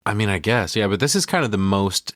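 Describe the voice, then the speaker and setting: A man's voice: on the low side, animated, brisk, fairly bright tone, no room sound, studio quality. A man co-hosting a podcast, casually retelling a film scene by scene, acting out the characters' lines and swearing freely. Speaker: podcast co-host. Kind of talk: casual movie recap chat. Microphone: studio podcast mic.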